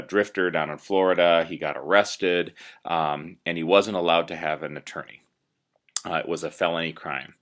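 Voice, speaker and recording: A man teaching a recorded lesson, explaining step by step with many "uh"s and "um"s. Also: low voice. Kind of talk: recorded classroom lecture.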